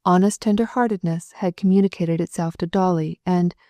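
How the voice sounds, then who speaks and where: A woman narrating a classic novel audiobook in a measured, even storytelling manner, close to the mic. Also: fairly low pitch, no echo, dull audio.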